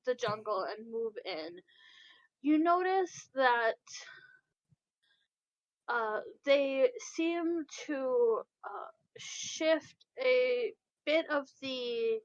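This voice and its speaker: A woman narrating as game master of a tabletop role-playing game, describing scenes slowly and deliberately with hesitant pauses. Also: high voice, highs cut off.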